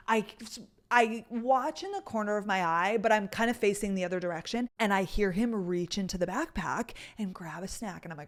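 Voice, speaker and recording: A young woman vlogger with a medium-pitched voice speaks briskly, telling her viewers a rambling story to camera. She's chatty, filling her talk with "like" and cursing.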